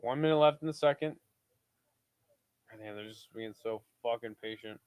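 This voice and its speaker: A man's voice: medium pitch, moderate pace, clean tone, dry recording, muffled recording. A tired young man hosting a live watch-along stream, calling the action casually and swearing freely between plays. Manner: laid-back, swears freely, drifts between play-calling and chat.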